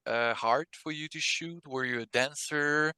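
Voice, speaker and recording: French-accented man, fan interviewer, rather high, smooth and clear, dry close sound, fumbling eagerly for words. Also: unhurried, sharp tone, no echo. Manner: enthusiastic, stumbling over words with many fillers.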